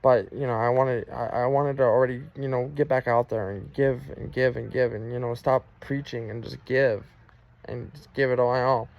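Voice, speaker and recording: A man's voice: mid-range voice, fairly even intonation, normal speed, gravelly, muffled recording. A man telling his personal faith testimony in an earnest, emotional way. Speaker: Christian testimony vlogger.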